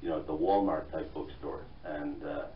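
A man from Ireland with a mixed Irish, London and Canadian accent, talking haltingly as a guest author in a radio interview, with many fillers and restarts. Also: very deep voice, steady tone, reverberant, far from the mic, dull audio.

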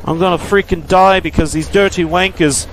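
A man's voice: sits high, fairly even intonation, normal speed, slight background noise, voice pushed up, low-quality recording. A man doing a rude, cursing character with a British accent. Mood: indignant. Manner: mock-indignant, cursing.

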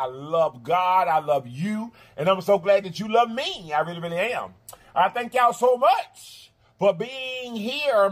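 Southern American man, high voice, sing-song half-singing drawl, casual vlog host. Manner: drawling, repetitive, affectionate addresses to viewers. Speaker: mukbang channel host. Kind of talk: casual vlog chat to viewers.

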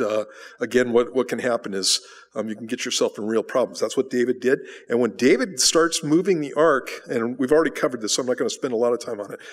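A man preaching a sermon at a mid-range pitch, talking conversationally and putting rhetorical questions to the congregation. He often repeats a word while rephrasing a thought. The church hall adds a long reverb to his voice. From United States. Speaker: pastor. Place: church sanctuary.

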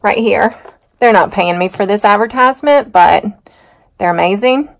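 A middle-aged woman with a drawl talks easily and at length, wandering off into side stories and poking fun at herself. She sounds at home and unhurried, like a farm vlogger chatting to her viewers. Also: mid-range voice, gravelly. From North Carolina. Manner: chatty, rambling, self-teasing. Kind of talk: casual vlog chat to camera. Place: outdoors on a muddy farm, then a home kitchen.

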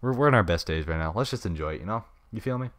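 Young male solo podcaster, deep, fast, casual rambler, dead-dry home mic. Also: lively intonation, no room sound. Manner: rambling, laid-back slang. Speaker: podcast host. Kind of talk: unscripted solo podcast chat. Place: home room. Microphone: studio mic with pop filter.

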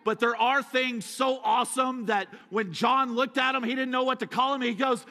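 Guy preaching, high bright voice, dramatic with little jokes, church hall echo. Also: fairly even intonation, normal speed, vocal fry, few pauses. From USA. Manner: dramatic storytelling with joking asides. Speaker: guest preacher. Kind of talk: sermon. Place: church sanctuary.

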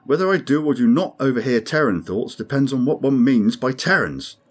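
A man's voice: mid-range voice, animated, brisk, breathy edge, voice pushed up. A man voicing a grim, sardonic male alien crewman who speaks dryly and insistently. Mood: troubled. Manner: dry, insistent, ominous.

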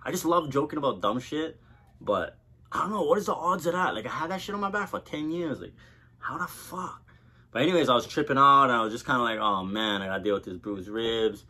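A man's voice: fairly high pitch, lively intonation, fast talker, pushed and bright, husky. A man vlogging from Hawaii, talking casually to camera and telling a personal story with loose, profane chatter.

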